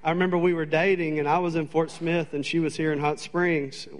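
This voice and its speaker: Male preacher, higher-pitched, animated and chatty, humorous sermon storytelling in church. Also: a little fast. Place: church sanctuary.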